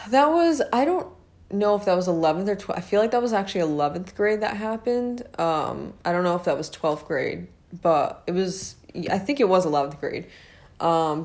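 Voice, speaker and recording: A young woman telling a personal high school story in a rambling, casual way, full of fillers and little laughs. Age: young adult.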